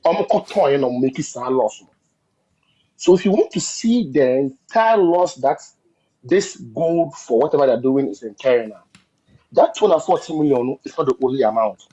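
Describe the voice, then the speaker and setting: A man's voice: medium pitch, lively intonation, normal speed, mellow, breathy edge. A man with a Ghanaian accent, commenting on politics in an emphatic, repetitive way and slipping into Twi phrases. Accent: Ghanaian English. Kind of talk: heated political discussion. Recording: dull lo-fi audio.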